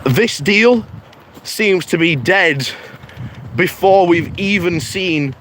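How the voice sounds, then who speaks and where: A man's voice: high-pitched, expressive, fairly bright tone, a little hiss or hum. A British man hosting a political live stream, chatting casually and reading out viewer comments in a rambling way with many fillers. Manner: slow, rambling, with frequent fillers.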